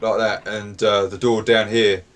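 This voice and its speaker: A man narrating as game master in a tabletop game, relaxed and hesitant, with many fillers. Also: fairly low pitch, normal speed.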